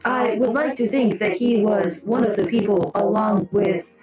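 A woman playing a tabletop game, speaking her character's lines in a formal, measured way. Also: mid-range voice, fairly even intonation, darkish tone, roomy sound, soft background music, rough recording.

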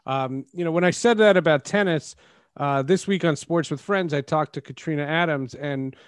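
Man, podcast co-host, raised pitch, dry recording, rambling. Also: moderate pace, no room sound. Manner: rambling, emphatic. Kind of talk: casual sports chat.

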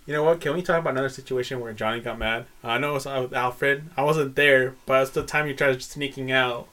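A man's voice: medium pitch, fairly even intonation, a little fast, bright, forceful tone. A man hosting a casual podcast chat, prompting stories and explaining others' points. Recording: voice a bit distant from the mic.

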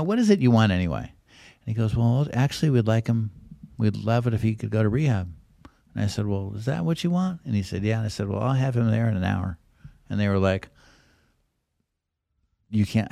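A man's voice: on the low side, vocal fry, darkish tone, no echo. A middle-aged man, a podcast guest, telling rambling anecdotes in a casual way and acting out the voices of people he quotes.

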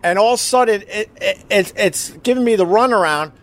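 A man's voice: sits high, lively intonation, a little fast. A man telling a personal emergency story in a casual, emotional way, swearing and acting out what others said. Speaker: husband recounting an emergency.

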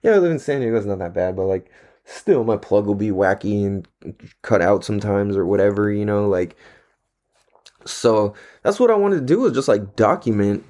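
Casting: laid-back man, casual profane slang, swoops widely in pitch, a little dry-throated. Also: animated, normal speed, a little mellow. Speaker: vlogger. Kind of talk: casual rambling monologue.

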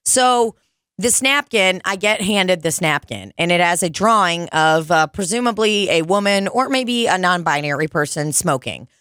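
A woman's voice: moderate pace, clear, resonant tone, no echo, clean studio sound. A woman hosting a podcast, telling stories in casual chat with lots of swearing and acted-out voices. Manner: profane, animated, acts out customers in high squeaky voices. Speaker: podcast host.

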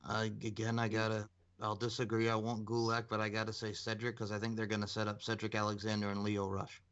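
A man's voice: on the low side, monotone, quick pace, a bit bright. Easygoing man on a dull muffled mic. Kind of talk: casual chat, wrestling predictions.

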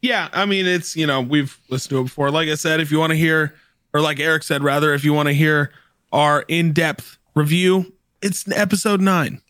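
A man's voice: a little high, steady tone, normal speed, a bit bright, no room sound, studio quality. A man co-hosting a podcast, chatting easily about songs and introducing the next tracks. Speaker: podcast co-host. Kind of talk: casual music review chat.

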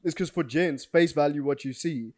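A man's voice: a little high, normal speed, a little mellow. Laid-back young man, slangy talk. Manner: laid-back, slangy, says bro and dude. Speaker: podcast co-host. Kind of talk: casual chat.

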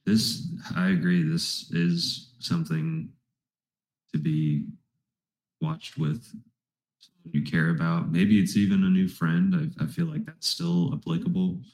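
A young man with a very deep, gravelly voice, stuffed-up as if he has a cold. He talks thoughtfully and easily, his pitch swinging lively up and down, in an echoey room. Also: unhurried. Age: 20s. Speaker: podcast co-host. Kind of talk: casual chat.

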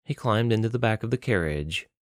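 Deep-voiced male audiobook narrator. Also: lively intonation, brisk, no echo, studio quality. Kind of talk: scripted narration.

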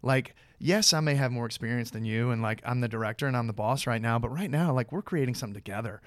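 A man's voice: medium pitch, fast, no echo. A man, an actor guest, casually telling a long anecdote with frequent restarts and acted-out quoted dialogue. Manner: rambling, many restarts, acts out quoted dialogue.

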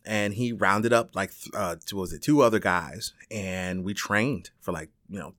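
A man's voice: moderate pace, no echo, studio quality. Chatty man telling a rambling story. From Chicago. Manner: rambling and animated, with frequent fillers, restarts and swearing; acts out other people's lines with big jumps in pitch. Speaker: teacher telling his story. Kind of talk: casual storytelling.

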